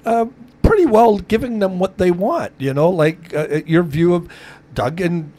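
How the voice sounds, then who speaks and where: Man from Canada, fairly high voice, chuckling, agreeable, casual co-host chat. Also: measured pace, mellow. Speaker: podcast co-host.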